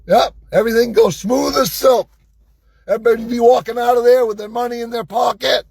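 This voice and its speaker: Guy venting in his car, high husky voice, sarcastic and fired up, dry close sound. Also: fairly quick, a little mellow, no room sound. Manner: sarcastic, worked-up ranting. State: hoarse, losing his voice. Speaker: vlogger. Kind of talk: angry ranting monologue. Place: inside a vehicle.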